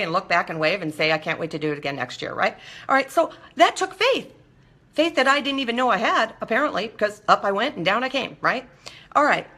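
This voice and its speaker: Middle-aged woman hosting a solo talk show, chatty, animated, bright-toned. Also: on the high side. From Southern California. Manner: chatty, keeps asking listeners "right?", acts out quoted voices. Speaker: host. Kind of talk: solo live-show monologue.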